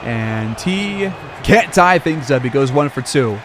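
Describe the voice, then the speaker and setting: A man's voice: medium pitch, animated, takes it slowly, noisy background. A man calling a simulated basketball game play-by-play like a sportscaster, with casual asides. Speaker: gaming video creator.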